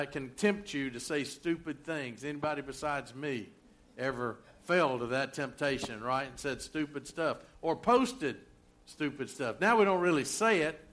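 A man's voice: a little high, a bit bright. A middle-aged man preaching a sermon in a folksy, conversational way, full of rhetorical questions. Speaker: pastor.

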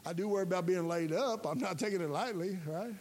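A chaplain preaching a sermon in a folksy, emphatic way, his voice rising to loud peaks. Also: high voice, fast. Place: church sanctuary. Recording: reverberant hall with faint hiss.

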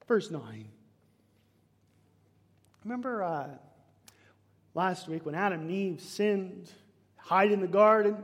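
A man preaching a sermon, emphatic, swinging between loud declaiming and hushed whispers. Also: high voice. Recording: long reverb of a large hall.

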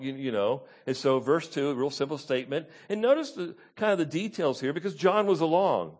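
A man's voice: on the high side, a little fast, hardly any pauses, a little mellow. Man preaching a conversational sermon. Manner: checks in with the congregation, asking "Okay?" and "Amen?". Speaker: pastor. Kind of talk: conversational sermon, Bible teaching.

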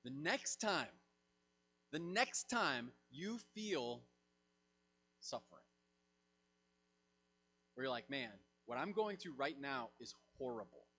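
A man preaching a sermon as pastor, swinging from loud emphatic lines to soft low asides. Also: big pitch swings, slow pace, pauses often.

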